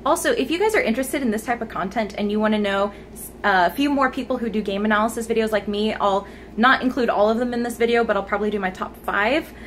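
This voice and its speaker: This informal vlog has a young woman chatting eagerly about news from her gaming channel, speaking a little high and quickly. She records at home with her smartphone camera mic up close, picking up faint background noise.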